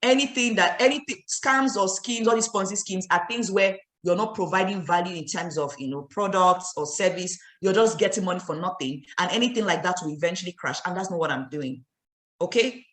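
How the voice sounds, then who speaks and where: A woman with a Nigerian accent and a lowish voice speaks briskly in an echoey room. As a network marketing trainer, she delivers an emphatic motivational talk, scolding her listeners with rhetorical questions.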